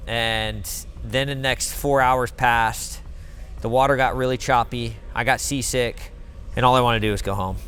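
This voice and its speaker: A man narrating a casual trip vlog to camera with deadpan, mock-dramatic humor. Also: medium pitch, moderate pace, slight background noise. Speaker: vlog regular.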